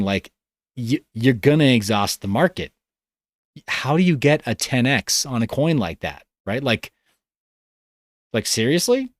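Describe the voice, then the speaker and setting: A man's voice: medium pitch, no room sound, clean studio sound. Tired-voiced man chatting on a livestream. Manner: rambling, loose, self-interrupting. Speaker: livestream host. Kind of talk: casual livestream chat reading comments.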